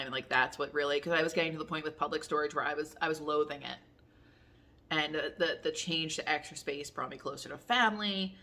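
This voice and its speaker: Thirties woman vlogger, low pitch with bright bite, rambling candid chat to camera. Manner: chatty, rambling, candid with swearing.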